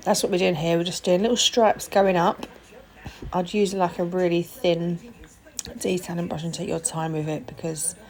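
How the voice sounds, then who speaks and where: Young woman chatting through a nail tutorial, kinda low voice, lots of um and like. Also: a little mellow. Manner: chatty, lots of fillers and self-deprecating asides. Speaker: nail tech vlogger. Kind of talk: casual tutorial narration.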